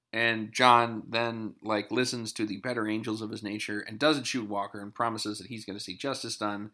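Man, middle pitch, bright edge, chatty episode recap full of wry tangents. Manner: chatty, digressive, wry asides.

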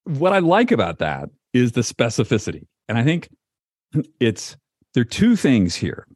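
A man's voice: medium pitch, huge pitch swings, normal speed, a little mellow, husky, dry recording, clean studio sound. A man co-hosting a podcast in casual conversation, chatty and full of "like"s and restarts. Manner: chatty, many likes and restarts. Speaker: podcast co-host.

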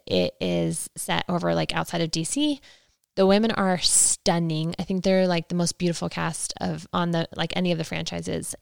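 A woman's voice: lowish voice, creaky, smooth, no echo, studio quality. A young adult woman hosting a solo recap podcast, chatting casually, opinionated and rambling with lots of fillers. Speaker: podcast host.

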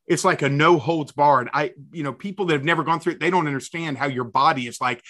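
A man's voice: fairly high pitch, fast, bright, forceful tone. A man hosting a faith podcast, interjecting with enthusiasm and often repeating words as he talks. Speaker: podcast host.

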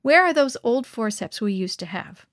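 A woman's voice: fairly high pitch, lively intonation, normal speed, no echo, studio quality, natural voice. Woman reading as an earnest male preacher. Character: male missionary boat preacher, earnest and kind.

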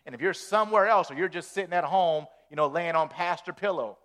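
A man preaching a sermon as pastor, animated and folksy, repeating words as he builds. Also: fairly high pitch, brisk.

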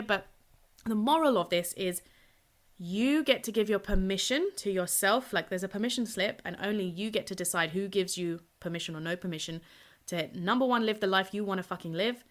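A young woman talks straight into a solo podcast, chatty and full of energy. Her voice is bright and forward, and she swears freely without slowing down. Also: mid-range voice. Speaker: podcast host and purpose coach.

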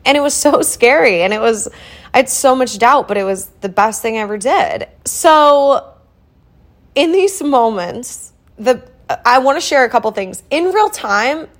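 A woman's voice: high voice, lively intonation, measured pace. A young woman from Iowa hosting a solo podcast, talking in a casual, earnest, motivational way with lots of "like" fillers. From Iowa, US Midwest. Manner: earnest and chatty, with many "like" fillers. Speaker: podcast host.

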